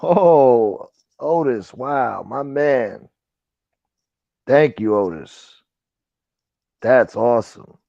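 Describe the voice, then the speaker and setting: A man's voice: medium pitch, lively intonation, very slow, vocal fry, long pauses, dry recording, highs cut off. A man hosting a casual livestream chat, ranting with profanity and thanking viewers for donations. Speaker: livestream host.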